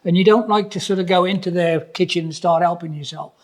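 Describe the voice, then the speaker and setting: A man's voice: high-pitched, quick pace, crowd noise. An older man, a builder co-hosting a casual podcast, telling stories in a rambling way with many restarts. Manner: rambling storyteller, many restarts and "you know"s. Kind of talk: casual chat.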